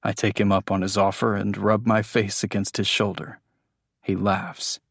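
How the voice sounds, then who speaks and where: A man's voice: on the low side, little pitch movement, measured pace, vocal fry, husky, no room sound, clean studio sound. A man narrating a first-person audiobook in an intimate, emotional storytelling manner.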